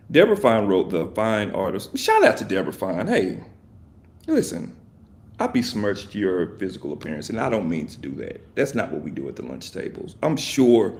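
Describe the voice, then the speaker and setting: A man's voice: lowish voice, creaky, a little mellow. A man hosting a podcast, talking in a casual, rambling and jokey way, correcting himself and laughing often. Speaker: podcast host.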